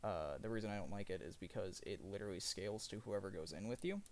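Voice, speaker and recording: A man's voice: fairly low pitch, expressive, fast, a little hiss or hum. A man streaming live, chatting casually and rambling about a video game, often correcting himself mid-sentence. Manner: rambling, self-correcting gamer talk. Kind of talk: casual livestream chat.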